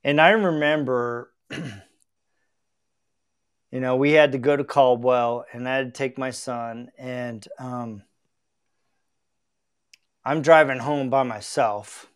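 A middle-aged man speaks in an unhurried, measured way, his voice clean and rounded. He hosts a podcast and tells a personal story with heartfelt sincerity, often restarting his sentences as he reflects. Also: medium pitch, fairly even intonation, clean tone. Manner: earnest and reflective, with frequent restarts. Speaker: podcast host.

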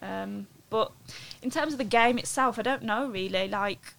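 A woman's voice: medium pitch, moderate pace, vocal fry, a bit bright, a little hiss or hum. A woman, chatting casually as a podcast guest, loose and full of fillers. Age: late 20s to 30s. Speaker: guest footballer and coach.

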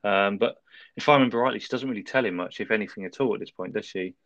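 A man's voice: on the low side, very fast, no echo, dull audio. Laid-back man recapping a film. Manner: relaxed, laughs often, recaps the plot. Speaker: podcast co-host. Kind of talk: casual film review chat.

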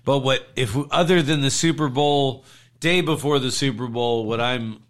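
A man's voice: mid-range voice, moderate pace, fairly bright tone. A man co-hosting a podcast, chatting casually about fights in a laid-back, profane way. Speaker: podcast co-host.

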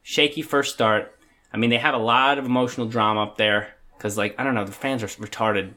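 A man's voice: mid-range voice, fairly even intonation, brisk, pushed and bright. A young man co-hosting a podcast, chatting casually in a rambling, hesitant way with many restarts. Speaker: podcast co-host. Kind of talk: casual chat.

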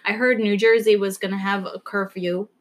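A woman's voice: mid-range voice, fairly even intonation, normal speed. Anxious rambling young woman. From New York area. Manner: anxious, rambling, swears casually. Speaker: podcast co-host. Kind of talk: casual chat.

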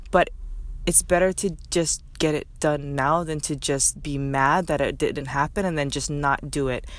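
A woman's voice: sits low, no echo. Candid woman giving herself a pep talk. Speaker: podcast host. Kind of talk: solo motivational podcast talk.

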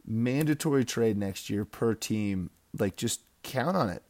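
A man's voice: fairly low pitch, lively intonation, a little slow, darkish tone. A young man giving a casual, rambling fantasy football recap, full of trash talk and laughter. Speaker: fantasy football league member.

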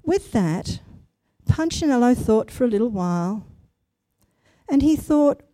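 A woman reading a children's story aloud, expressive and speaking directly to her young listeners. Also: on the high side, a little slow, pauses often, no room sound.

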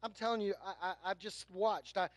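Pastor, male, very high voice, fervent sermon delivery with hushed asides, dry close recording. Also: steady tone, moderate pace, no room sound. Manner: impassioned, swings from loud emphasis to hushed asides, repeats words.

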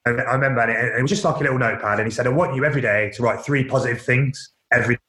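A man recounts his playing days in a relaxed, open way. He restarts sentences often and leans on fillers. His voice bounces around an echoey room. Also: medium pitch, racing. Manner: candid, repeats words, many fillers. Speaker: former professional footballer, guest. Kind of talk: casual interview storytelling.

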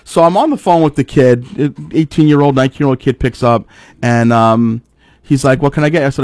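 Brief: middle-aged man, podcast host, swears freely, animated storyteller, dead-dry mic sound. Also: mid-range voice, fairly quick, dry recording. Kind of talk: casual chat.

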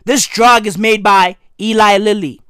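A man giving a comedic, profane news rant. He is hoarse from losing his voice and keeps tossing in "right?" and "bruh". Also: high voice, fairly even intonation, a little slow, bright, forceful tone, no room sound, clean studio sound. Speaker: commentary vlogger.

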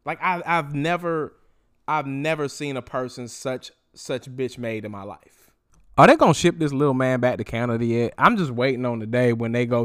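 A young man hosting a solo podcast, ranting in a profane, animated way and mocking people in quoted voices. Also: mid-range voice, normal speed. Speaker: podcast host.

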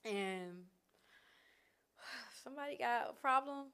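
A woman vlogger talking candidly and casually about her feelings, animated and laughing often. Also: on the high side, takes it slowly, clean tone. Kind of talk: casual reflective chat. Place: outdoors in nature.

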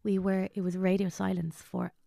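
A woman tells an emotional personal story as a podcast guest. Her voice has a gravelly creak, and she often falters and drops to a hushed tone. The sound is close and dry. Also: medium pitch, flat delivery, no echo. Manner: halting, drops to a hushed near-whisper on painful memories.

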